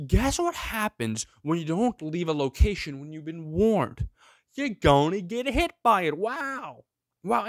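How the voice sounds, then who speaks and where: Male host, solo rant, sarcastic, fairly high voice, dry close sound. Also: dry recording. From of Greek heritage. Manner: sarcastic, full of rhetorical questions. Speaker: show host. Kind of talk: ranting solo commentary.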